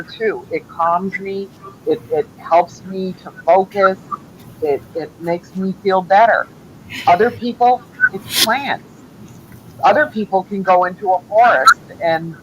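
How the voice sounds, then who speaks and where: A man in casual chat as a guest, calmly offering advice. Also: high-pitched, a little slow, lo-fi sound, slight background noise.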